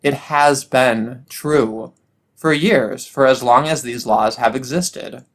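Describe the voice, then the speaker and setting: A man's voice: mid-range voice, slow pace, fairly bright tone. Man ranting political commentary. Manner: ranting, sarcastic, frequent restarts.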